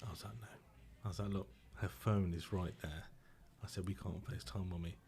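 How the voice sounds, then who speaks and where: A middle-aged man, a podcast guest telling a personal story in a subdued, halting, emotional way with restarts. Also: deep voice, steady tone, darkish tone, a little hiss or hum.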